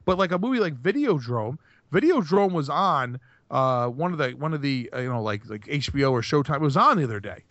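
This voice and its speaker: A man's voice: mid-range voice, sing-song, a little fast, fairly bright tone, no echo. A man co-hosting a podcast in casual chat, rambling with many restarts and fillers. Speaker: podcast co-host. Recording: dry, dull lo-fi podcast mic.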